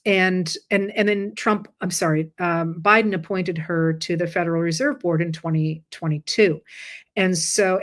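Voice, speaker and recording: Tired woman with a low voice explaining things. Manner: conversational, explains step by step. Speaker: host. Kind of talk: casual explainer chat.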